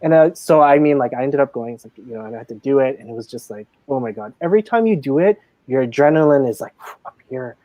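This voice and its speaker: Speaking fast with few pauses, a man with a medium-pitched voice comes through on a lo-fi recording without echo. He works as a casino floor supervisor and, as an interview guest, tells stories in a chatty, animated manner loaded with fillers.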